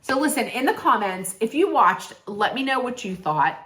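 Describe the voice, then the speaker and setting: A woman's voice: on the high side, lively intonation, moderate pace, few pauses, fairly bright tone. A woman giving a casual, blunt recap of a reality show, chatting, swearing freely and correcting herself as she goes.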